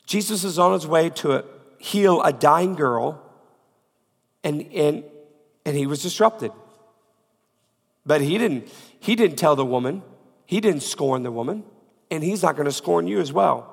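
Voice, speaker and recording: Gravelly slow-preaching pastor with a cold. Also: male voice, a little high, expressive, big-room sound. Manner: emphatic preaching with repeated phrases, rising to loud peaks and dropping to quiet. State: has a cold. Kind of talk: sermon.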